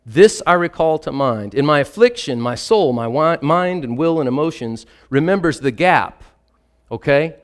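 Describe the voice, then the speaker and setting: A man delivering a sermon in a slightly high voice. He reads scripture slowly with weighty pauses, then turns to plain explanation for his listeners. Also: animated. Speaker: preacher.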